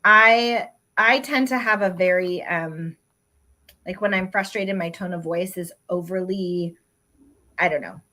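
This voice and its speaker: A woman's voice: on the low side, a little slow, pushed and bright. A middle-aged woman talking casually on a panel, thoughtful and hedging, with lots of ums and asides. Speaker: re-parenting panelist.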